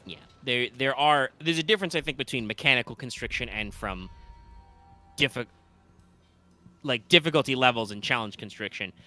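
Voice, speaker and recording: A man's voice: mid-range voice, normal speed, pauses often, pushed and bright, faint music behind. A man co-hosting a live stream, talking through ideas in a rambling, analytical way. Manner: rambling, analytical, thinks aloud. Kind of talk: casual live-stream chat.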